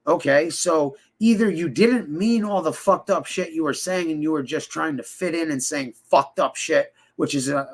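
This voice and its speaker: Gravelly profane man ranting. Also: a little high, a bit bright. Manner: profane, rambling, heated, many fillers and restarts; mimics others in quoted voices. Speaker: interviewee. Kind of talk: casual ranting interview.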